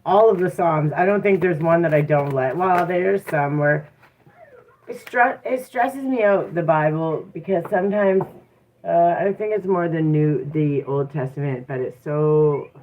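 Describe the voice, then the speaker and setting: A tarot reader chats frankly and conversationally during a live stream, tossing in "right?" to keep listeners with them. The sound is thin and tinny, like a phone line. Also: medium pitch. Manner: candid, conversational, often asks "right?". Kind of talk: casual live-stream talk.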